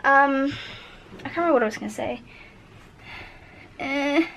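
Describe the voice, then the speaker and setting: A woman's voice: high voice, moderate pace, creaky, noisy background. A young woman chatting casually in a vlog, rambling and swearing offhandedly, sounding tired. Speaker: vlogger.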